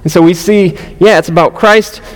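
A man teaching a sermon in an earnest, verse-by-verse way, his voice sitting a little high for a man. He stumbles and repeats words as he goes and puts questions to the listeners. The sound rings out with a long reverb, as in a large hall. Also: fairly even intonation, moderate pace. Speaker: pastor or Bible study teacher.

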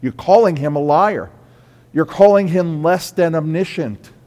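A man with a fairly high voice preaches to his congregation, swinging from hushed confession up to loud, raised exhortation. His voice rings out with a long reverb through the church sanctuary. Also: measured pace. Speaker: pastor. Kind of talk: sermon.

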